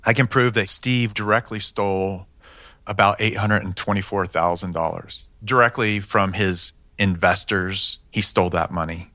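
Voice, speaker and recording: A man's voice: fairly low pitch, fairly even intonation, moderate pace, bright, forceful tone, no echo. A man, a police detective, telling his case in a matter-of-fact way with dry humor. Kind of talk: storytelling interview answers.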